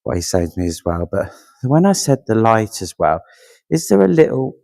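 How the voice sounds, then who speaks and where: A man's voice: fairly low pitch, big pitch swings, moderate pace, vocal fry, warm tone, dry recording. Man, medium at a service, friendly and chatty, laughs often, dry close sound. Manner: chatty, keeps asking "do you understand", laughs easily.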